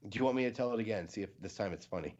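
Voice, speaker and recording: A low-voiced man hosting a casual livestream chat, rambling along with lots of fillers as he tells stories and jokes. The audio is dull and lo-fi, like a webcam mic on a stream. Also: very fast, a little mellow. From Ohio, US. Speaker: livestream host.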